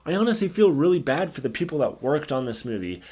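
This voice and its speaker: A man's voice: on the high side, very animated, fast talker, dark tone, husky. A man ranting angrily through a movie review, swearing often and sounding exasperated. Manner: angry, profane, exasperated ranting.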